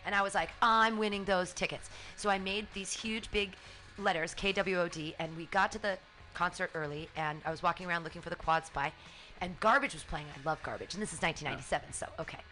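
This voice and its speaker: A woman in her forties, from California, co-hosting a radio show and telling a story in a lively way. She laughs often, swears casually and acts out her own shouting. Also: lowish voice, quick pace, faint music behind. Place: small radio studio.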